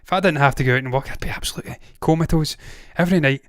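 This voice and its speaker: A man's voice: on the high side, rapid-fire, fairly bright tone, dry recording, studio quality. A Glaswegian-accented Scottish man hosting a movie news show, ranting casually with blunt swearing and frequent digressions. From Scotland. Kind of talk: casual opinionated commentary.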